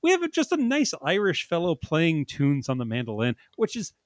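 A man co-hosting a podcast in casual chat, measured and dryly teasing. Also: a little high, wildly swooping pitch, no room sound, clean studio sound. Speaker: podcast co-host.

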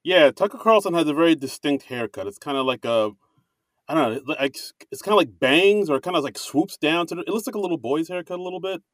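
A man co-hosting a casual comedy podcast, chatty and rambling, quick to laugh. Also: a little high, lively intonation, fairly bright tone, no room sound. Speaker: podcast co-host.

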